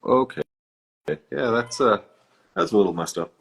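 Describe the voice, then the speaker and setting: A man's voice: fairly low pitch, lively intonation, normal speed, vocal fry, low-quality recording. A man chatting casually as a podcast guest, easygoing and laughing often. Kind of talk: casual chat.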